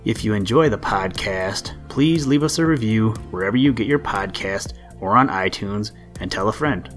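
A middle-aged man hosting a podcast, reading a children's story aloud in a calm, measured way. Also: lowish voice. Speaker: podcast host and story narrator. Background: soft background music.

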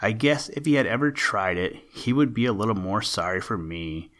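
A proud, grumpy male great horned owl out of a storybook reading, fretting and grumbling in a low voice, played by a man. He sounds put out and full of his own importance. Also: normal speed, a bit bright, close to an everyday voice. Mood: indignant. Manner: fretful, grumbling.

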